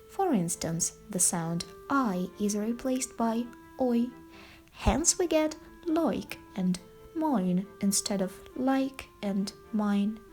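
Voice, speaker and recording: A woman's voice: medium pitch, a little mellow. A woman student reading a prepared class presentation in a careful, explanatory way.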